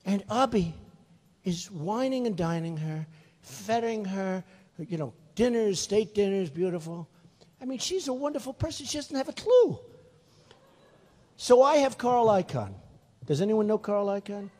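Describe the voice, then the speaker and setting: A man's voice: high voice, very animated, measured pace, warm tone. A man in his sixties giving a rambling, repetitive, emphatic rally speech in a large venue. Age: 60s. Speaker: political candidate. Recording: reverberant hall.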